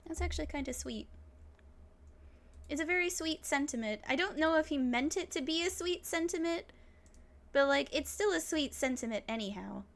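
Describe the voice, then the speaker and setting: A woman's voice: high voice, expressive, moderate pace. A woman streamer chatting casually and thinking aloud while playing a visual novel. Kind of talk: casual let's-play commentary.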